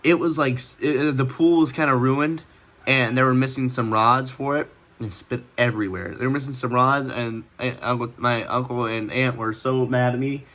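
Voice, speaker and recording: A teenage boy tells a story casually at home with a bright, sharp voice. He rambles, restarts his sentences, leans on fillers and laughs now and then. His pitch sits at an ordinary middle height for a young man. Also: fairly even intonation, moderate pace. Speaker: vlogger.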